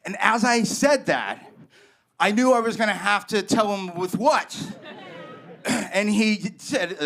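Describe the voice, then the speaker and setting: A man telling a comic personal story on a live comedy stage, animated and rambling, with lots of fillers. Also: high-pitched, takes it slowly, gravelly. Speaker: guest storyteller.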